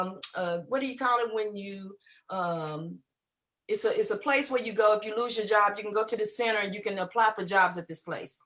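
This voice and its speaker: A woman's voice: medium pitch, fairly bright tone. A woman giving an inspirational talk as a guest speaker, preachy and repetitive, often searching for words and laughing easily.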